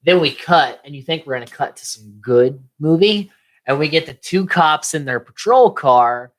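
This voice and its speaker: A woman co-hosting a casual podcast, recapping a horror film with lots of laughter and quick impressions of the characters. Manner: animated, laughing, mimics characters in high voices. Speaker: podcast co-host. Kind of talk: casual movie-recap chat.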